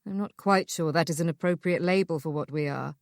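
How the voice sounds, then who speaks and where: A woman voicing a charming young gentleman with a deep voice and a dry, playful way of talking, in an audiobook. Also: brisk, gravelly, no echo. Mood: teasing.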